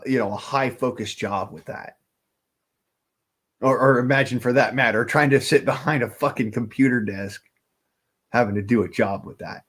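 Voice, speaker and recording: A man holds forth on his own livestream in loose, wandering talk. He swears freely and drifts between thoughts, with a voice of middling pitch. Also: slightly rough. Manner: profane, rambling, swears often. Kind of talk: casual rambling livestream talk.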